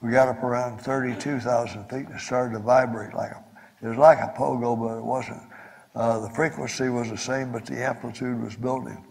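A man's voice: medium pitch, steady tone, brisk, vocal fry, darkish tone. Older guy on a panel, rambly folksy story, long hall echo. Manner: anecdotal, folksy, repeats himself. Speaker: panelist, former astronaut. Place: conference hall. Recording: echoey hall.

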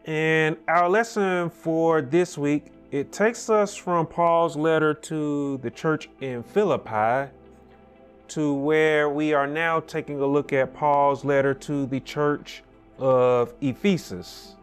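Clear-voiced man teaching Sunday school. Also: a little high, soft background music. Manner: measured, repeats key points, asks "right?". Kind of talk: Bible lesson teaching.

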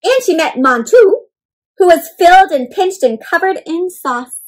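Animated high-voiced woman reading to kids. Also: a little slow. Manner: animated, asks the young listeners questions. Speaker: children's storyteller. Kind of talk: interactive read-aloud for kids.

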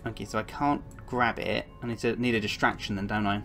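A woman's voice: extremely low pitch, steady tone, fairly quick, fairly bright tone, faint music behind. A woman streaming a puzzle game, chatting along and cooing to the cats on screen with little giggles. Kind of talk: live gameplay commentary.

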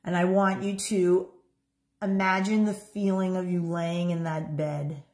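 Woman coach, slightly low voice, casual and animated, quick bursts of speech. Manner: casual, animated, with frequent "like" and "right?". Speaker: dating and relationship coach. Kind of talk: coaching talk with a demonstration role-play.

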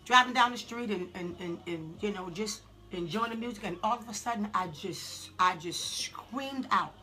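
A woman preaching a sermon, telling a halting, emotional testimony and building to shouted preaching. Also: medium pitch.

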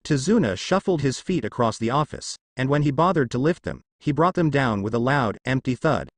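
Animated male fan fiction narrator. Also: mid-range voice, fairly quick, no room sound. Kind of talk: fan fiction story reading.

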